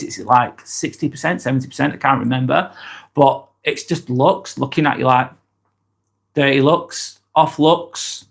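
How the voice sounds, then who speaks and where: A man hosting a motivational livestream in casual talk, rambling and repeating words and phrases for emphasis. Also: mid-range voice.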